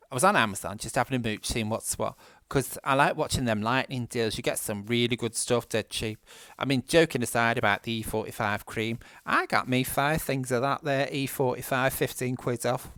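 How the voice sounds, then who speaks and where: A man with a Manchester accent talks casually while he plays, wandering off on asides and laughing at himself. His voice sits at a middling pitch. The sound is dry and close, with little room around it. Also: normal speed, hardly any pauses, a bit bright, no echo. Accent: Mancunian English. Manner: chatty, self-mocking, laughs often, rambling asides. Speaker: gaming vlogger. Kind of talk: casual rambling chat while playing a game. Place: indoors at home.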